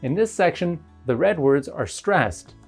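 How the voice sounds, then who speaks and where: A woman narrating an English lesson. Her voice is low but moves up and down a lot. She explains points clearly and methodically. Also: animated, a little slow, darkish tone, faint music behind. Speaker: English teacher.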